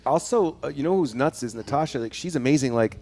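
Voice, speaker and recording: A man talks fast and rambles through animated stories in a casual chat. His voice sits at a medium pitch. Faint music plays behind him. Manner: rambling, animated storyteller with frequent laughs. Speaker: guest animator. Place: studio.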